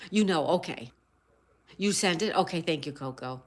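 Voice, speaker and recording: A woman's voice: fairly low pitch, expressive, a little slow. Chatty woman hosting a crossword livestream. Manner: reads chat aloud, greets viewers warmly, spells answers letter by letter. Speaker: livestream host. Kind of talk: casual livestream chat.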